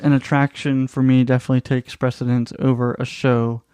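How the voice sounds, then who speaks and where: Smooth-voiced easygoing man co-hosting a podcast. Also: medium pitch, little pitch movement, brisk, a little mellow, no room sound. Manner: easygoing, agreeable, joking. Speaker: podcast co-host. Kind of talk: casual chat.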